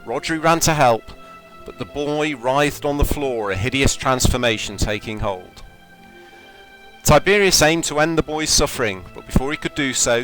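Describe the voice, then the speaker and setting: A man's voice: medium pitch, low-quality recording. Man narrating as tabletop game master. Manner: measured storytelling recap, then relaxed rules talk.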